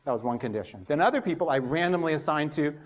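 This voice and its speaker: A male lecturer with a fairly high voice tells anecdotes about his early research in an animated style, mocking himself and acting out what he used to think. The recording sounds a little muffled. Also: fast. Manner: animated storytelling, acts out his past thoughts; self-mocking humor. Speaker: university lecturer.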